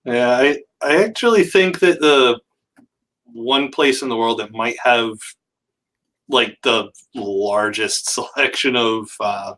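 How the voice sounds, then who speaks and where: A man hosts a relaxed interview in a bright, forceful voice at a middle pitch. He talks in a chatty way and laughs easily. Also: slow pace. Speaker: interview host. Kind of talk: casual interview chat.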